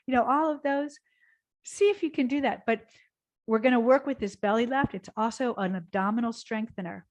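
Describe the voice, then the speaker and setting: A woman teaching a gentle yoga class, guiding softly and slowly, then bursting into cheers and laughter exercises. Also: fairly high pitch. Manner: soothing and slow, breaking into loud laughter and cheers.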